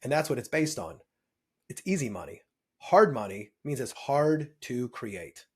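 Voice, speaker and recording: A man speaking as a podcast guest, explaining things with energy and emphasis. His voice is husky and a little breathy, pitched in an ordinary middle range. He keeps pulling the listener along with quick "right?" check-ins. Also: very animated. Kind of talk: explanatory interview talk.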